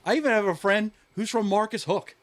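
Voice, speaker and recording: A young man with a fairly high voice, trading crude, teasing jokes as co-host of a casual comedy podcast. He swears often and keeps the banter loose and joking. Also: fairly quick.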